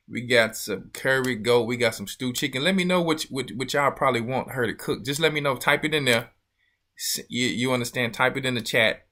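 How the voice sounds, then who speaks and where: Bright-voiced man hosting a chatty livestream. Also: mid-range voice. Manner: loose, joking, chatty. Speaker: church elder and show host. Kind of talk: casual livestream chat.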